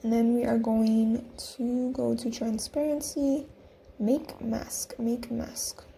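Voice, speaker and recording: Young adult woman, chatty tutorial host; mellow, slightly gravelly tone, faint background hiss. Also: fairly high pitch, flat delivery, takes it slowly. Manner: chatty, giggly, talks through each click. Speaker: design tutorial creator. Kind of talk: casual screen-recorded tutorial.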